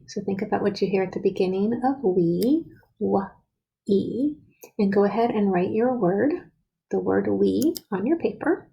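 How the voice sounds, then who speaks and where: A woman teacher guides young children through writing a sentence, spelling and sounding out each word with care. Her voice is mellow and slightly gravelly, and she speaks slowly and deliberately. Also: mid-range voice, slight background noise, low-quality recording. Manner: slow, patient, sounds out words and letters.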